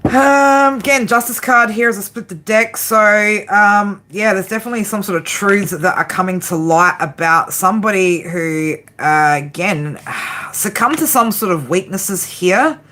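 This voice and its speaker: A woman's voice: fairly low pitch, fairly bright tone, a little hiss or hum. An Australian woman doing a casual tarot reading, chatty and brash, swearing often and giggling. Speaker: tarot reader.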